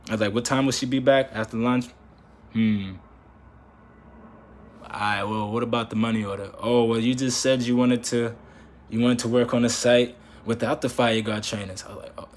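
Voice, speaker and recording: A man's voice: medium pitch, fairly quick. A young man telling a casual, slang-heavy story and acting out the back-and-forth of an argument. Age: young adult. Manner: animated slangy storytelling, acts out both sides of the dialogue. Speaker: vlogger.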